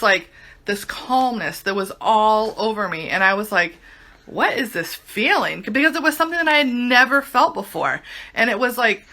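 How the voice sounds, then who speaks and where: A woman's voice: mid-range voice, bright, forceful tone. A young woman giving a casual home testimonial, chatty and full of "like". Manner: chatty, says "like" constantly. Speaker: product reviewer.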